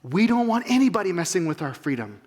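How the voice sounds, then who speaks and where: A man's voice: high voice, big pitch swings, quick pace, a little mellow. A man in his forties preaching a sermon, emphatic and full of rhetorical questions to the congregation. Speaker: pastor.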